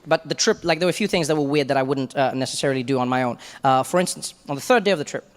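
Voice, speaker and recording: A man doing relaxed stand-up comedy, chatting with the crowd and acting out his friends' voices. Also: mid-range voice, rapid-fire, long reverb tail, a little hiss or hum. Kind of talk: stand-up storytelling.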